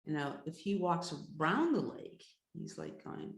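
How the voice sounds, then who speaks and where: A woman, a healer and teacher, telling a story to a class, repeating words and slowing down to build suspense. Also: deep voice, huge pitch swings. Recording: roomy echo.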